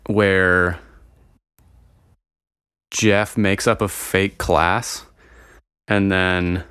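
A young man with a low voice talks loosely and profanely to his viewers, wandering off on tangents. The sound is dry and close, with no room around him. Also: fairly bright tone, clean tone, no echo. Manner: rambling, profane, easily sidetracked. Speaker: vlogger. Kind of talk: casual solo chat to viewers.

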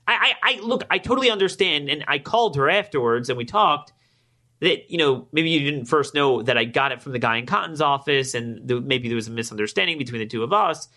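Man, podcast host, bright forceful voice, political monologue, emphatic, voices both sides of conversations. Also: very animated, brisk. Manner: emphatic, rising in pitch when indignant.

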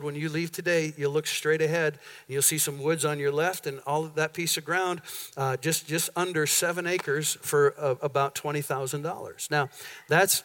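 A pastor in a church sanctuary, telling a long story to his congregation in a conversational way, acting out the dialogue as he goes. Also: fairly high pitch. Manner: conversational, animated retelling with quoted dialogue. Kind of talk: sermon storytelling.

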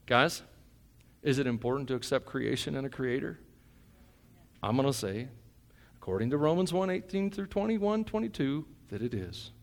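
Middle-aged male pastor, animated preacher, rises to loud peaks, drops to near hush. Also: medium pitch, moderate pace, gravelly. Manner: animated preaching, swings from shouting to hushed. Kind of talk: sermon.

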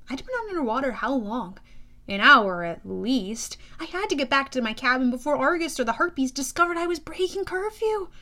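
High-voiced woman narrating an audiobook. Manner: lively, expressive storytelling with youthful energy. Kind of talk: first-person audiobook narration.

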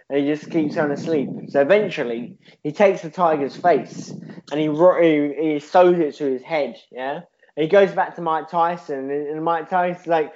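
A man's voice: on the high side, normal speed, darkish tone, muffled recording. A man co-hosting a podcast in casual chat, rambling through a silly story with laughs and swearing. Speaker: podcast co-host.

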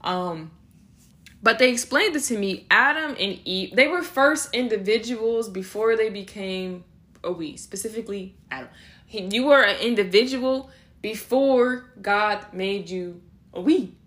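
A young adult woman hosting a casual faith-based podcast, talking in an animated way, often laughing between phrases and slipping into acted voices. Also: medium pitch, unhurried. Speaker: podcast host.

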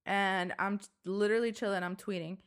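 A woman's voice: medium pitch, fairly quick, clean tone. A young woman co-hosting a casual podcast, telling stories animatedly and swearing a lot. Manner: animated storytelling, swears a lot, acts out quotes. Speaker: podcast co-host. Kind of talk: casual chat. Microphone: desk mic.

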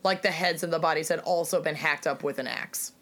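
A woman's voice: low-pitched, steady tone, fairly quick, fairly bright tone. A woman co-hosting a casual podcast chat, telling a true crime story, reading old quotes aloud, with swearing and dry asides.

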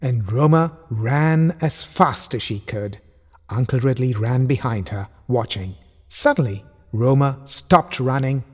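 A man reading a children's story aloud in slow, animated storytelling narration. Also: medium pitch, breathy edge. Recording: long hall reverb.

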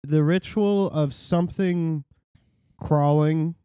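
Male co-host, deadpan riffer, a touch high, dry recording. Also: slow, smooth, no room sound. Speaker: podcast co-host. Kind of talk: casual comedic chat.

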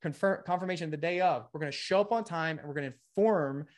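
A man's voice: fairly high pitch, quick pace. A man giving a live webinar sales presentation, talking energetically and a bit winded, often saying "okay" and "guys".

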